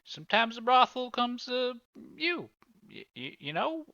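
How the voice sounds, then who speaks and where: A man voicing a shifty, evasive male railroad hand who stammers and dodges questions, pitched up and louder than his usual voice. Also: very animated, measured pace, dry recording, exaggerated voice. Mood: flustered. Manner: nervous, stammering and dodging questions. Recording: slightly muffled, dry recording.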